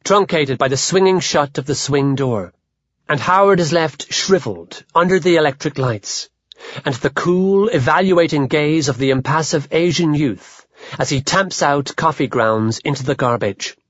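A man narrating a literary audiobook in a measured, even manner. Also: fairly high pitch, dry recording. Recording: dull lo-fi dry audio.

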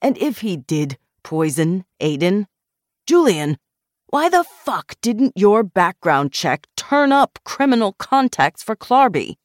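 A narrator voicing a quick-tempered, ailing older man who shouts his lines in an audiobook. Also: medium pitch, lively intonation, no room sound, clean studio sound. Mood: accusing. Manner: loud, shouting. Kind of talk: audiobook character voice.

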